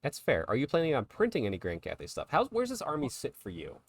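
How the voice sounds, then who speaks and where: A man's voice: medium pitch, wildly swooping pitch, quick pace. A man co-hosting a podcast, talking casually and chattily about tabletop miniatures and laughing along with his co-host. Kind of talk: casual chat.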